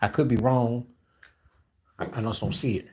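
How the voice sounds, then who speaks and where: Casual live-stream host, a man, skeptical and blunt, keeps clearing his throat, talking into a phone. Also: mid-range voice, steady tone, normal speed, a little mellow. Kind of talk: casual basketball opinion talk. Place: walking while streaming.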